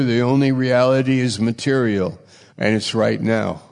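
A man's voice: medium pitch, a little slow, creaky, darkish tone. A man preaching a sermon, emphatic, repeating phrases for weight, his voice swelling and dropping. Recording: long reverb in a large hall.

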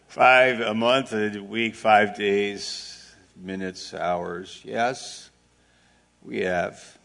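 A man preaching a sermon at an unhurried, measured pace, with a gravelly, fried edge to his voice. He asks his listeners questions and chats plainly with them between points. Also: on the low side, fairly bright tone. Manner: slow, deliberate preaching with rhetorical questions; plain-spoken, with asides and audience back-and-forth. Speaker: pastor.

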